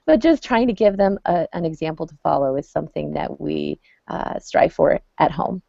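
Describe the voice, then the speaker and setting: A woman with a low, gravelly voice speaks on a panel in a mellow, dry tone. She talks conversationally, with restarts and fillers. The audio is muffled and lo-fi. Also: animated, normal speed, dry recording. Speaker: panelist, parent. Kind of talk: casual panel discussion.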